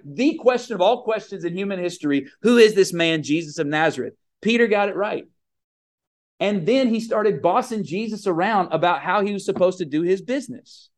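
A man preaching a communion sermon in an earnest, emphatic way, with fillers and restarts. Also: high-pitched.

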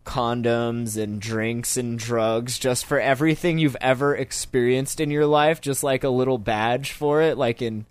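A man's voice: mid-range voice, fairly even intonation, a little slow, hardly any pauses, smooth, dry recording. A man hosting a podcast in casual chat, joking, swearing freely and laughing often. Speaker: podcast host.

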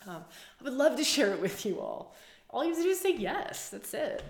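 A woman's voice: sits high, big pitch swings, fairly quick, creaky. A woman spiritual coach and podcast host giving an earnest, flowing talk, repeating phrases and laughing often. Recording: roomy echo.

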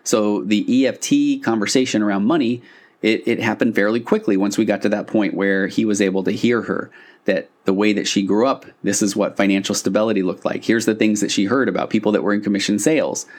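A man's voice: on the low side, steady tone, brisk. A man hosting a podcast as a couples therapist, reading quotes aloud and explaining them in a reflective, conversational way with frequent asides. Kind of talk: casual solo podcast talk.

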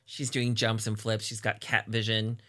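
A man's voice: lowish voice, completely flat delivery, normal speed, bright, forceful tone. A man co-hosting a podcast, casually retelling a film's scenes and acting out the characters' lines. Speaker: podcast co-host. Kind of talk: casual movie recap chat.

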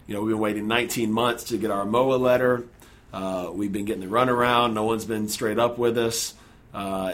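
A man earnestly retelling a personal story in a relaxed conversation, acting out the lines of the people in it. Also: fairly low pitch. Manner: earnest, animated retelling with acted-out quotes. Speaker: guest telling his story.

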